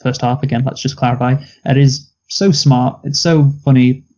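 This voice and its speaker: A man co-hosting a casual movie review chat, blunt and quick to laugh. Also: medium pitch, steady tone, mellow. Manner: blunt, laughs at own picks, quotes lines. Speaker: movie review podcast co-host.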